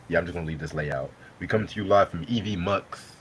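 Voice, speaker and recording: A low-pitched man talks fast with few pauses, and the recording carries a little hiss or hum. Hosting a live stream over dinner, he chats casually, swearing freely and laughing a lot.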